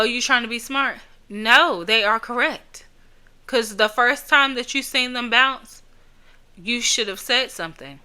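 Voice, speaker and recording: Blunt, bright-voiced woman podcast host. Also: medium pitch, clear, resonant tone. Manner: blunt, scolding, emphatic repetition with occasional laughs. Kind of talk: casual opinion monologue.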